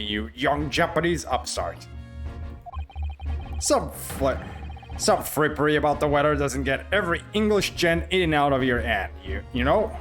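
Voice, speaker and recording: A man's voice: a little high, a bit bright. A man voicing a brusque, condescending English police inspector who blusters and sneers.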